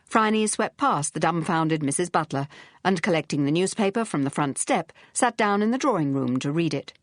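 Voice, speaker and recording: A woman narrating an audiobook in a measured, even manner. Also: fairly low pitch, no room sound, clean studio sound. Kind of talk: scripted narration.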